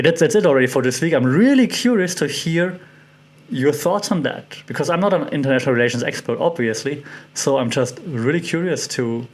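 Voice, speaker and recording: A man hosting a solo podcast, thinking aloud with many fillers and restarts and putting questions to his listeners. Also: mid-range voice. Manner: curious, puts questions to listeners. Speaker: podcast host. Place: lives in Thailand.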